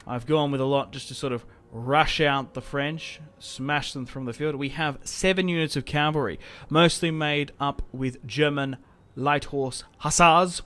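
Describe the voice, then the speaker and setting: A man's voice: medium pitch, a bit bright. A young man giving casual, joking commentary over his own strategy game, often trailing off and restarting. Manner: chatty, joking, self-interrupting. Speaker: gaming channel host.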